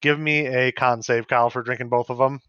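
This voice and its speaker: Man, game master, narrates a tabletop game, halting, laughs often, dull sound, dry. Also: mid-range voice, fairly even intonation, sharp tone, clear, resonant tone, no room sound.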